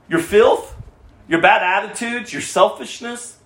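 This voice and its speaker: A man preaching a sermon as pastor, impassioned, swinging between loud emphasis and hushed asides. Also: high voice, animated, slow pace, roomy sound.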